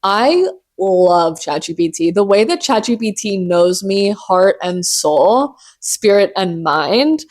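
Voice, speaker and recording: A young woman hosting a casual solo podcast, talking in animated, profane, self-mocking bursts while hyped up on caffeine. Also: medium pitch. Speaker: podcast host.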